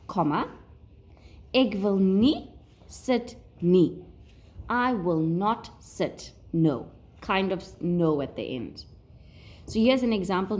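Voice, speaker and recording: A woman with a South African accent teaches a language lesson at an unhurried, deliberate pace. Her pitch rises and falls in a lively way as she repeats each phrase in English and Afrikaans. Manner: slow and deliberate, switching between English and Afrikaans. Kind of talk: recorded lesson for learners.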